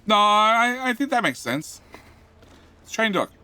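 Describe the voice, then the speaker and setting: A man's voice: sits high, big pitch swings, moderate pace, pushed and bright, clean tone. A man with an Australian accent chatting casually on a game live stream, rambling, repeating himself and muttering to himself while he plays and answers chat.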